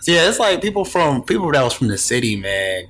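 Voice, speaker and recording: A man's voice: medium pitch, very animated, brisk, fairly bright tone. A man in his twenties from Rochester, New York, speaking earnestly as a podcast guest in casual chat.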